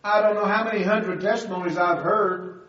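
High-voiced older man preaching, distant and roomy. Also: steady tone, normal speed, a bit bright. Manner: conversational storytelling, rising to emphatic. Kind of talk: sermon with a personal testimony. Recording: distant, roomy, dull-sounding recording.

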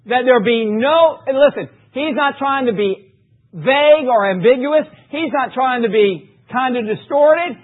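A man preaching a sermon, reading scripture emphatically and dropping low for asides. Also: animated, unhurried. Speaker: pastor. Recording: tinny phone-like recording.

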